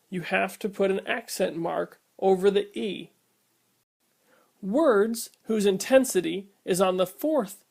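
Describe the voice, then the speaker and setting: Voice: medium pitch, creaky. A Spanish class instructor narrating a slide lesson, explaining each rule step by step and repeating the key terms.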